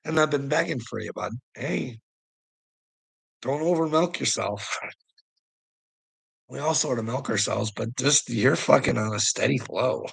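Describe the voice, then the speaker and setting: A middle-aged man hosting a casual livestream, rambling and teasing his viewers between frequent laughs. His voice is gravelly with a husky edge, and he swears freely as he goes. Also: mid-range voice, a little slow, pauses often, a bit bright, rough recording. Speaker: livestream host.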